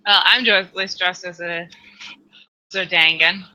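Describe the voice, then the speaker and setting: A woman with a very bright, sharp voice plays a tabletop game. Her pitch is a little low for a woman, and she answers the game master with quick, protesting replies. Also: steady tone, low-quality recording. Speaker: player. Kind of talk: casual tabletop game play.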